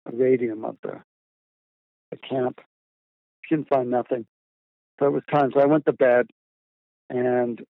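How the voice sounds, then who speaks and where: A man's voice: mid-range voice, no room sound. A man, a documentary filmmaker, telling a story in a rambling, casual way with repeated words and fillers. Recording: tinny phone line, dry.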